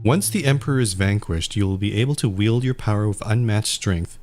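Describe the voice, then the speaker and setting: A man's voice: on the low side, a little fast, a little mellow, natural voice. A man voicing an ancient, all-seeing entity in a game, speaking in a solemn, prophetic way.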